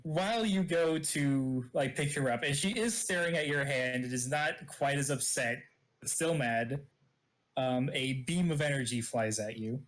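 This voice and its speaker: A man's voice: mid-range voice, measured pace, a bit bright. A man running a tabletop game as game master, hesitant and full of fillers. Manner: hesitant, many fillers, laughs often.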